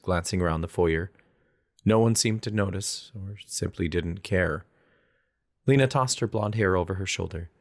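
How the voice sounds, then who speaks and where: A man's voice: deep voice, a little slow. A man narrating a romance audiobook in first person with an intense, dramatic delivery.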